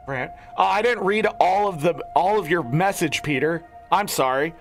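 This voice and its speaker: A man's voice: fairly high pitch, normal speed, hardly any pauses, faint music behind. A young man streaming a video game, swearing and ranting in an exasperated way while he plays. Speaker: gaming streamer. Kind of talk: casual gameplay commentary.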